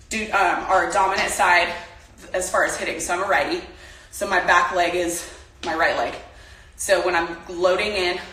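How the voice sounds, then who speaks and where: A woman's voice: fairly low pitch, sharp tone, recorded from a distance, slight background noise. A young woman casually leading a home workout, chatty and coaching as she exercises. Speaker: softball player leading a workout. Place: home room. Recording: echoey room, mic from afar.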